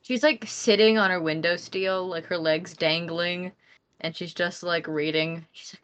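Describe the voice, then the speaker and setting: Teasing young woman with a lowish voice. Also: fairly even intonation, unhurried, a bit bright, clear, resonant tone. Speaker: player. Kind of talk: casual chat during a tabletop game.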